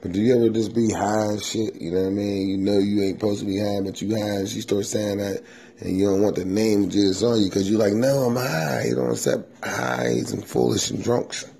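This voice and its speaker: A low, gravelly male voice rambling loosely through a self-recorded comedy podcast at home. He swears freely and keeps it conversational and offhand. The tone sits dark and mellow. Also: steady tone, fairly quick, slight background noise. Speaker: comedian hosting his own podcast. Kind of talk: casual rambling comedy monologue. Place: home kitchen. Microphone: simple home setup, self-recorded.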